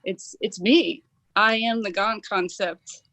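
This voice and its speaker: Excited woman caller from Kentucky. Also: medium pitch, slow, no room sound. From Kentucky, USA. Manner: excited, tumbling, many fillers. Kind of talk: call-in sharing a personal story.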